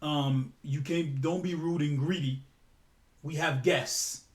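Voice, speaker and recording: A woman's voice: deep voice, fairly even intonation, slow pace, a little mellow, reverberant. A man voicing a bossy housekeeper woman who firmly scolds. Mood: scolding. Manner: scolding, firm.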